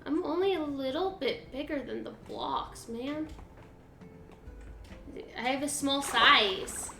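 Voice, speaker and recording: A woman's voice: sits high, expressive, slow, sharp tone, reverberant, faint music behind. A woman chatting casually while playing a game, thinking aloud with lots of fillers. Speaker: game co-player. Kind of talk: casual gaming chat.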